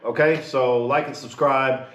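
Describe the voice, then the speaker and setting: A man hosts a podcast in loose, casual talk. His voice sits at an ordinary pitch, and he swears easily. There is a roomy echo around him. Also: a little slow, lo-fi sound. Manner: relaxed, profane. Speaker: podcast host. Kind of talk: casual chat. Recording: echoey room.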